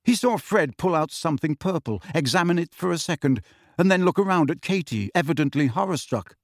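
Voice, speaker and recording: A man reading an audiobook aloud in an expressive storytelling manner. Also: fairly high pitch, fairly quick, dry recording, studio quality. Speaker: audiobook narrator. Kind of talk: scripted audiobook narration.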